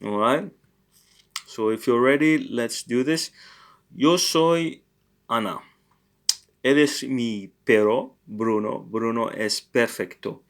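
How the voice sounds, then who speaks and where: A male language teacher walks through an informal lesson at an unhurried, deliberate pace. His voice sits at an ordinary middle pitch. He thinks aloud with plenty of hesitations and catches his own slips good-naturedly. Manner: corrects his own mistakes good-humouredly.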